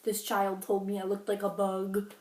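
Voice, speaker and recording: A woman's voice: medium pitch, completely flat delivery, moderate pace. A woman telling a casual storytime vlog at home, chatty with dramatic asides. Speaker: vlogger. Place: home indoors, furnace running. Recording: roomy, distant from mic, faint noise.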